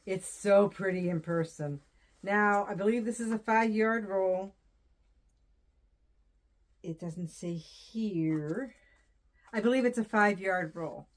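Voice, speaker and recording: A woman's voice: mid-range voice, takes it slowly, pauses often. A woman from Southern New Hampshire, chatting casually as she unboxes wreath ribbon, rambling and repeating her phrases. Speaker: wreath designer and vlogger.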